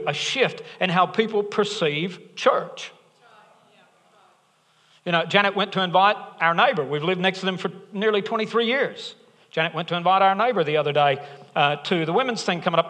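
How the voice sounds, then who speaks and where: A man's voice: high-pitched, a little fast, a bit bright. A middle-aged man preaching a sermon as pastor, joking and chatty, building to emphatic points. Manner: jokey, conversational preaching with rising emphasis. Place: church auditorium. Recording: long reverb of a large hall.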